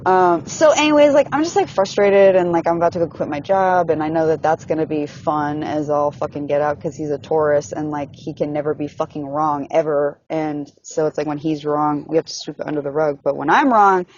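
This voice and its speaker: A woman's voice: deep voice, brisk, few pauses, darkish tone, muffled recording, a little hiss or hum. A young woman venting in a casual, frustrated monologue, swearing often and filling her talk with "like". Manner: frustrated, profane, heavy use of "like". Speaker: person venting in a voice message.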